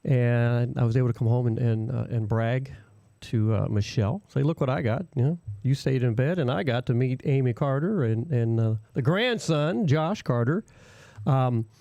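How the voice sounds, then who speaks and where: A man's voice: mid-range voice, moderate pace, creaky, mellow, no room sound, muffled recording. Chatty man hosting live radio. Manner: rambling, chatty, with frequent fillers. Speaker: radio show host. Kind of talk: casual live radio chat. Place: small home radio studio.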